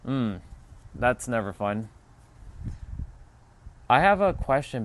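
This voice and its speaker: A man hosting a casual livestream, relaxed and easygoing as he answers chat comments one by one. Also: mid-range voice, a little slow, pauses often, a little hiss or hum. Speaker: livestream host.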